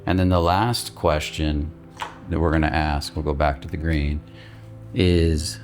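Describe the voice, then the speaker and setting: A male coach giving a guided instructional talk, calm and steady, stressing key words by repeating them. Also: a bass voice, measured pace, soft background music. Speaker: emotional release coach.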